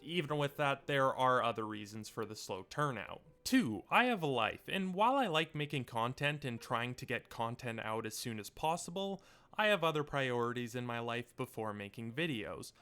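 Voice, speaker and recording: Young male host, mid-pitched, earnest measured voice-over from a home mic. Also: lively intonation, sharp tone, clear, resonant tone, faint music behind. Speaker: video essay host. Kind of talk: scripted voice-over narration. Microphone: home mic setup.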